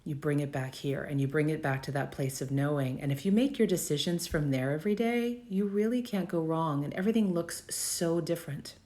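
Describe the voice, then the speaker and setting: A woman in her fifties with a low-pitched voice, chatting off the cuff on a live stream. She riffs freely and circles back to repeat her key phrases for emphasis. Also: fairly quick, few pauses, dark tone. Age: 50s. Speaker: host of a live video for business owners.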